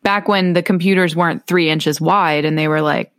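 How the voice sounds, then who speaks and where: Woman podcast co-host, chatty and animated, low-ish voice, dry recording. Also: normal speed, dry recording, faint music behind. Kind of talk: casual chat. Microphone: earbuds.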